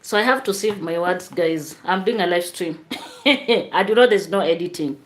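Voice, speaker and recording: A woman's voice: on the low side, moderate pace. Chatty woman live-streaming. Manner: chatty, talks straight to viewers. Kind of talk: live-stream commentary reading viewer comments.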